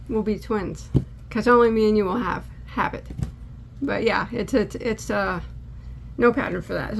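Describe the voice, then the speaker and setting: A woman's voice: a little high, a little hiss or hum. A middle-aged woman hosting a crochet channel, chatting casually from a cluttered room at home as she unboxes yarn, rambling and restarting her sentences.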